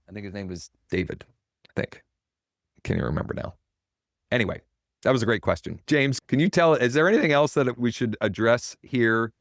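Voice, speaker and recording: Man, mid-pitched voice, dry recording, real estate coach, rambling webinar talk. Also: a bit bright, no room sound. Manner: casual, rambling, self-correcting. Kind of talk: webinar teaching, storytelling.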